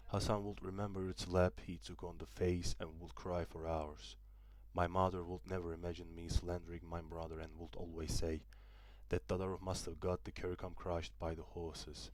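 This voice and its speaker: Brief: young male student narrator, Turkish native, deep voice, dry close read. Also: little pitch movement, moderate pace, no echo. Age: young adult. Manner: careful reading with small restarts. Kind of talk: audiobook narration.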